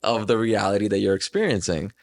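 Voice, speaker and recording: Male guest, very deep, fry-heavy voice, thoughtful and loose, lots of fillers. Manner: reflective, drawn-out phrasing with many fillers. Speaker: podcast guest. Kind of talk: casual reflective chat.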